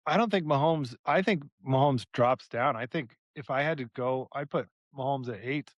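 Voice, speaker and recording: A man's voice: mid-range voice, moderate pace, no room sound, lo-fi sound. A young man co-hosting a podcast, telling a rambling story in casual chat and laughing often. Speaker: podcast co-host.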